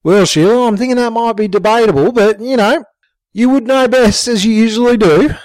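A man's voice: very high voice, brisk, no room sound, voice pushed up. Man voicing Jimbo, a sly menacing bloke. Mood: taunting. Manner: calm, sly and taunting.

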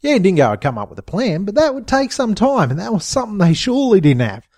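Swearing storyteller. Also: male voice, high voice, quick pace. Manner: profane, expressive. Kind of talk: comic storytelling narration.

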